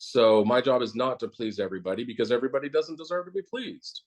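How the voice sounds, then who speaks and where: A man's voice: medium pitch, quick pace, darkish tone. A man, a dentist, talking bluntly and casually in an interview, rambling with many fillers and swearing.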